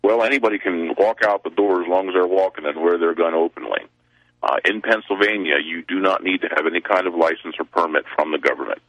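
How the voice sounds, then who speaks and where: Very deep-voiced male radio guest. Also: fairly bright tone, no room sound. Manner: measured, explanatory, with hesitations and self-corrections. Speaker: guest, open-carry group member. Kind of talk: radio interview answers. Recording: dull lo-fi call-in audio.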